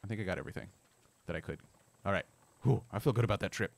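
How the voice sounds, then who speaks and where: A man casually bantering while playing a co-op game, joking and laughing often, swinging from mumbles to loud outbursts. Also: fairly low pitch, racing, gravelly, dry recording. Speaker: co-op game streamer.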